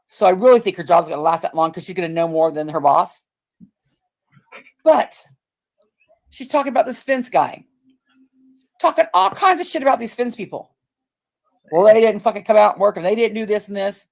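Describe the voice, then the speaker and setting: A woman's voice: medium pitch, creaky, a little mellow. Profane ranting woman on a livestream. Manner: profane, mocking, acts out quotes. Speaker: livestream co-host. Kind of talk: casual ranting chat.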